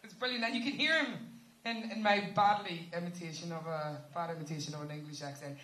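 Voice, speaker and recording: A woman's voice: lowish voice, quick pace, a bit bright. A woman fronting a band, chatting and joking with the audience between songs at a live gig in a village hall. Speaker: band singer talking to the audience. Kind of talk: live stage banter.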